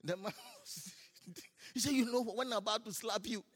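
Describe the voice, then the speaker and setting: A man preaching a sermon, telling stories with laughs and shouting his declarations. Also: very high voice, steady tone, normal speed. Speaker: pastor. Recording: hall reverb.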